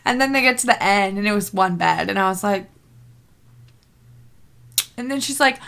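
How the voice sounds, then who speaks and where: Chatty young woman reacting to a book, bright voice kinda high, rambly and giggly. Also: moderate pace. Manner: bubbly, rambling, lots of "like" and laughs. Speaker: book vlogger. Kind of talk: casual reading-reaction vlog.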